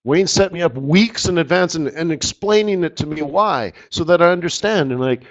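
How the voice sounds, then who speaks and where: Slightly muffled webinar audio captures a Canadian man, a forex market strategist, running a live trading session. His fairly high voice is animated and moves at normal speed with hardly any pauses, and his delivery is loose, joking, and rambling, peppered with "right?".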